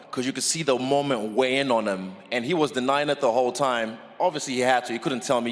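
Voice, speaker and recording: Relaxed confident fighter, man, hall echo. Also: mid-range voice, quick pace, hardly any pauses. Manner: laid-back, confident, swears casually. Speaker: fighter at a press conference. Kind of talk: press conference answers. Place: press conference venue.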